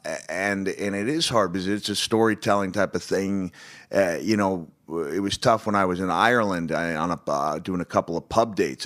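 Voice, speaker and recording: Low-voiced man telling rambling stories. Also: fairly bright tone. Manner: rambling storyteller with frequent laughs and restarts. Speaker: podcast guest. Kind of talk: casual chat.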